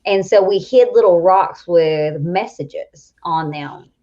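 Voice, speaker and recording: A woman's voice: fairly low pitch, slow pace, mellow. A woman in her thirties with a Southern accent, chatting animatedly as a coach and co-host, often laughing. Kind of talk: casual chat. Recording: dull lo-fi audio.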